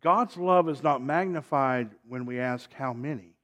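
A man preaching a sermon, swinging from loud, emphatic calls to quiet, drawn-out phrases and asking the congregation to respond. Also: medium pitch.

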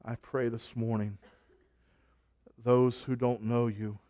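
A man delivers a sermon at an unhurried pace, his voice sitting in an ordinary middle register. He builds his points through repeated phrases and lets the close of each line drop away softly. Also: mid-range voice, flat delivery. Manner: slow, rhythmic preaching with repeated phrases and soft trailing endings. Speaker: pastor. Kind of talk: sermon and closing prayer.

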